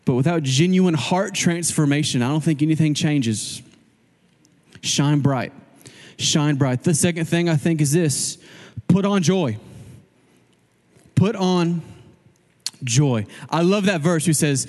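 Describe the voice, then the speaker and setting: A male pastor preaching a sermon in a casual, animated way, acting out quoted voices as he goes. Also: high-pitched, moderate pace, long reverb tail.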